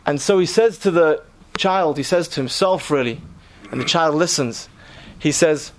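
Telling a story in earnest during a sermon, this preacher speaks at an ordinary pace, rarely pausing, in a voice on the high side, and puts rhetorical questions to the congregation.

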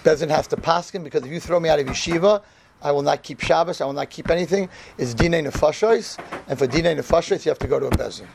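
Speaking quickly in a creaky, high-leaning voice, a rabbi entertains a roomful of yeshiva students with a funny story-sermon. He performs each character's dialogue with animation over a noisy background.

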